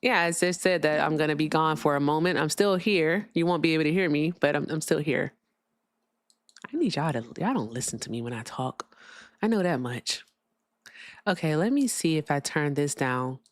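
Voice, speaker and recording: A young woman hosts a casual livestream and chats away to her viewers. Her voice sits on the low side but moves a lot in pitch. It is recorded dry and close, with no room sound. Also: expressive, normal speed, dry recording. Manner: chatty, talks to viewers, fiddles with sound settings. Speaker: livestream host.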